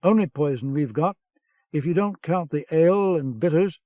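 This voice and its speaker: A man's voice: a little high, expressive, normal speed, dry recording, lightly acted. A man reading an audiobook, voicing a teasing, coy barmaid with a Welsh accent in a dull old recording. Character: sultry, sly Welsh barmaid. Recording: dull cassette-era audiobook sound.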